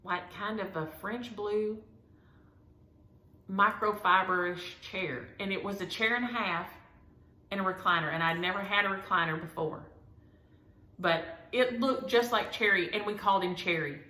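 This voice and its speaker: Woman, rambling homespun chat, bright tone, echoey room. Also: mid-range voice, normal speed. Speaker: cross-stitch vlogger. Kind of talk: casual chat to viewers.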